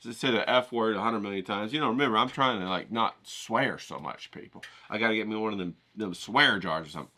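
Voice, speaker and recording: Man, art vlog host, casual chat, upbeat, rambling, slangy, sharp bright tone. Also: on the low side, quick pace, few pauses. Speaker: art vlogger.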